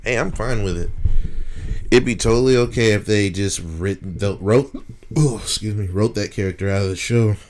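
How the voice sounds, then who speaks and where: A man with a very deep voice trades loose, joking banter on a podcast. He talks casually and swears freely. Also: normal speed, darkish tone. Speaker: podcast co-host. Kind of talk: casual chat.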